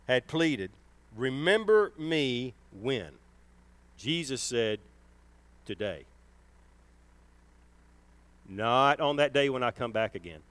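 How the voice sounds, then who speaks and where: A male preacher delivering a sermon with a lively, animated voice that climbs high on the words he stresses. He talks slowly and deliberately, leaning on key phrases. The sound is dry and close, with no room echo. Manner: emphatic, swells and slows on key words.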